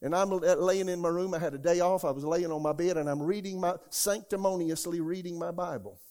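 A man's voice: sits high, steady tone, a little fast. Pastor in his sixties preaching a testimony. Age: 60s. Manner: storytelling, rising to shouts when quoting God. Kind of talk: sermon.

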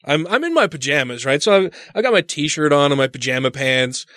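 A man telling a story in casual chat, animated and profane, acting out his own panicked voice in a home studio. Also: on the high side, fairly quick, dry recording.

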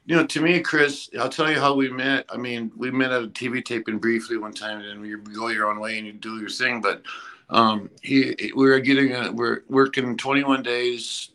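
Rambling, halting man telling wrestling stories. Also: medium pitch, flat delivery, sharp tone, low-quality recording. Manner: rambling, halting, many fillers and restarts, blunt swearing. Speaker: former pro wrestler guest. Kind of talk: casual interview storytelling.

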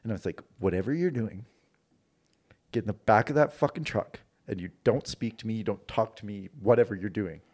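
A man's voice: fairly low pitch, fairly quick. A man from Canada telling a personal story on a podcast in a casual, profane way, acting out the dialogue. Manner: profane, animated, acts out quoted dialogue. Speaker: podcast guest recounting a personal experience.

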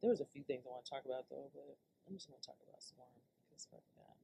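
A woman with a very deep, gravelly yet mellow voice talks quickly on her own podcast, with slight background noise. She rants casually and loosely straight to her listeners, laughing and swearing along the way.

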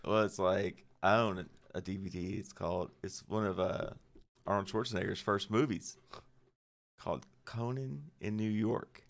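A man's voice: on the low side, normal speed. A middle-aged man, a guest musician, rambling through stories in casual podcast chat and swearing freely.

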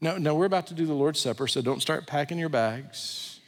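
A pastor preaches to his congregation in a high, earnest voice. He sinks to a hushed, low tone when he leads a prayer. His words ring out with the long reverb of a large sanctuary. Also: brisk. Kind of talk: sermon.

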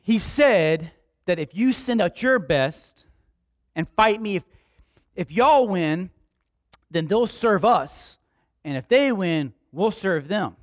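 A man preaches a sermon. He tells his story dramatically and acts out the dialogue. He raises his voice to shouts at the peaks. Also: sits high, animated, takes it slowly, pauses often, no echo, clean studio sound.

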